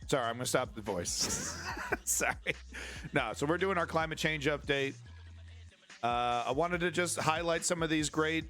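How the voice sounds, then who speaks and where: A man's voice: a little high, moderate pace, pauses often, sharp tone, soft background music. Profane, combative male political host. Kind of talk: ranting online commentary.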